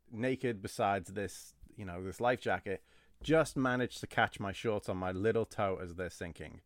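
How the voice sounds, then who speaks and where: Guy hosting a podcast, telling camp stories, laughs a lot, low voice, dry sound. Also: no echo. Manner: animated storyteller, laughs often. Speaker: podcast host, former camp counselor. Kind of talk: casual storytelling chat.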